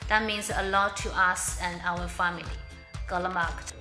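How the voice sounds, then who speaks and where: A woman's voice: medium pitch, fairly even intonation, moderate pace, sharp tone, reverberant, soft background music. A woman who is a new citizen explaining what citizenship means in a recorded video message.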